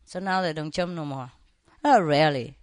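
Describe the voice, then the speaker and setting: A woman's voice: deep voice, moderate pace, no room sound, clean studio sound. A woman chatting casually about her pet birds and dog, laughing often and acting out her pets. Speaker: bird owner. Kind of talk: casual storytelling.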